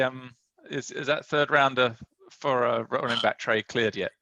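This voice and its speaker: A man's voice: mid-range voice, steady tone, a little slow, sharp tone, no echo, highs cut off. A man hosting a casual draft recap chat, musing aloud with many hesitant restarts and fillers. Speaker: league host leading a draft recap.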